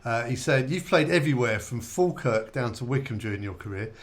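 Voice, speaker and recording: A man's voice: medium pitch, lively intonation, brisk. A man hosting a radio show, casually reading out listener questions and bantering with his guest. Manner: easygoing, reads out listener questions. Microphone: studio microphone.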